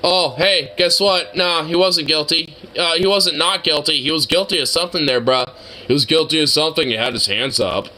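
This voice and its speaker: Bright high-voiced man ranting profanely. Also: a little fast, poor audio. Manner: profane, exasperated, rambling with many fillers. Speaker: streamer reacting to a video. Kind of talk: casual reaction commentary.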